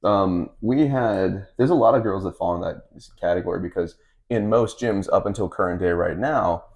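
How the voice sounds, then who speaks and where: A man's voice: deep voice, moderate pace, dull audio. A man, chatting and telling stories as a podcast host. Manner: storytelling, relaxed and chatty. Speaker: podcast host and fight coach. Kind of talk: casual podcast chat.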